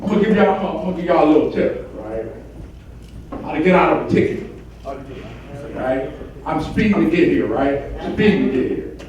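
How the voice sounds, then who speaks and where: A man works the crowd in a stand-up set, pumped up and repeating his lines to the audience, his voice a little high. He is recorded from far off in a very echoey club, and the sound is dull. Steady background noise runs underneath. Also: brisk, pauses often. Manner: hyped, repetitive call-outs to the crowd. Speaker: stand-up comedian. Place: comedy club stage.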